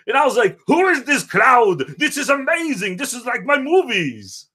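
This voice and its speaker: A man putting on a crude, rambling impression of a boastful action movie star in a comedic parody interview, prone to sudden shouts and sing-song. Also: very high-pitched, big pitch swings, moderate pace, breathy edge, heavily acted. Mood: amazed rambling.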